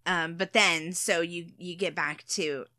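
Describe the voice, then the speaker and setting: A woman's voice: lowish voice, steady tone, a little slow, bright, forceful tone, no echo, clean studio sound. A woman chatting casually about a TV show, hesitant, with many fillers and frequent laughter.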